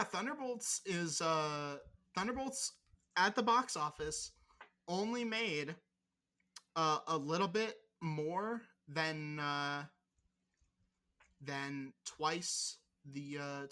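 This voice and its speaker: A podcast co-host talks in loose, rambling casual chat with a bright, forceful tone. The talk is teasing and sprinkled with swearing. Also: medium pitch, slow pace.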